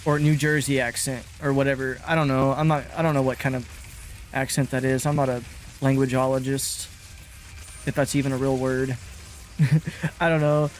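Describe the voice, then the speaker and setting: A man streaming a game, chatting casually in a rambling, self-mocking way and swearing freely. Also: mid-range voice. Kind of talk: casual gaming commentary.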